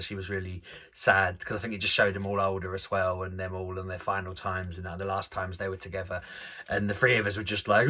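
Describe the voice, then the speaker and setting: Man, thirties, father, casual storytelling, laughing often, bright tone, lowish pitch. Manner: chatty, self-deprecating, laughs while telling stories. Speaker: family vlogger, father.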